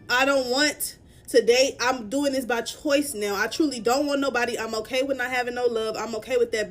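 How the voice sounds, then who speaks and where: Upset young woman telling a story. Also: high-pitched. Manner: upset, halting, full of fillers and restarts; tearful at moments. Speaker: vlogger. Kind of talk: emotional storytime vlog.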